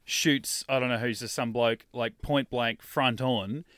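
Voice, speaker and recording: A man's voice: mid-range voice, steady tone, unhurried, a bit bright, no echo, clean studio sound. A man co-hosting a podcast, chatting casually and joking, acting out bits of dialogue. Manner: jokey, acts out quotes in funny voices. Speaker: podcast co-host. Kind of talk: casual chat.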